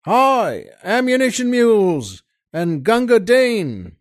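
A man voicing shouting British soldiers who impatiently call for their water carrier in a recited poem. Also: medium pitch, lively intonation, slow pace, voice pushed down. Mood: bellowing. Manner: bellowing, impatient calls.

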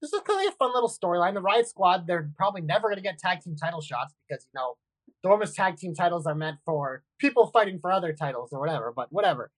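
Woman, podcast co-host, casual wrestling chat, animated, blunt, dry close sound. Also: lowish voice, dry recording, poor audio. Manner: animated, quick asides, swears casually.

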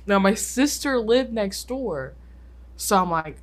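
A young adult podcast co-host telling stories in a casual chat, full of filler "likes" and sudden quick bursts. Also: medium pitch, lively intonation.

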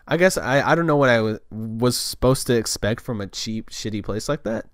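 A man's voice: mid-range voice, normal speed, hardly any pauses, no echo, studio quality. A young man telling a casual story in a loose, rambling way, full of restarts and filler words.

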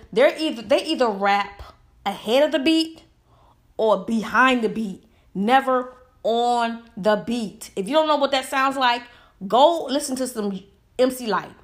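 A woman's voice: fairly high pitch, a bit bright. A woman giving a heated, emphatic opinion monologue full of rhetorical questions. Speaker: commentator.

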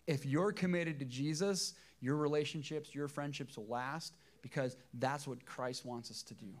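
A man's voice: mid-range voice, moderate pace. A middle-aged man preaching a sermon as pastor, emotional and emphatic, repeating key phrases.

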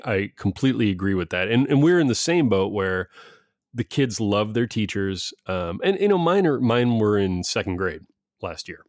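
A man's voice: lowish voice, no echo, studio quality. A middle-aged man and father talking casually, rambling with frequent restarts and laughs. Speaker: parent discussing schooling. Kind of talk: casual conversation.

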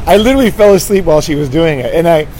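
A man's voice: fairly high pitch, expressive, racing, warm tone. Rambling man giving advice, street noise. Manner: rambling, repeats "right?" often, restarts and stammers. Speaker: dating advice speaker. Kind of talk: casual monologue.

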